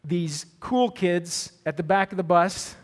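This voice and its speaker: A male pastor preaching a sermon and telling a personal story, earnest and often repeating words as he searches for them, then praying quietly. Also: high-pitched, unhurried.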